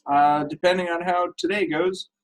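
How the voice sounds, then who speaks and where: A man's voice: sits high, steady tone, normal speed, low-quality recording. A man playing a tabletop game, chatting in a wry, easygoing way. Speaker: player. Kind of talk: casual game chat.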